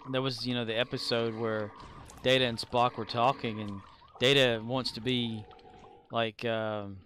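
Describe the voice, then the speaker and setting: A man's voice: mid-range voice, little pitch movement, measured pace, a bit bright, slight background noise. A man streaming a game, chatting casually and playfully, with laughs and hums between remarks. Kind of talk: casual live-stream chat.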